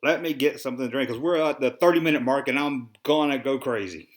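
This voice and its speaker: Talking fast in a medium-pitched voice, this Southern-accented man from the US rants and rambles alone on his toy collecting podcast. He sighs a lot and seems to have a dry mouth.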